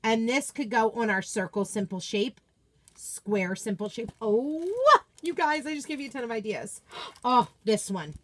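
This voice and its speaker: A woman's voice: fairly high pitch, expressive, unhurried. A woman hosting a casual unboxing video from her home office, gushing with enthusiasm and chatting to viewers' comments. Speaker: craft product seller and video host.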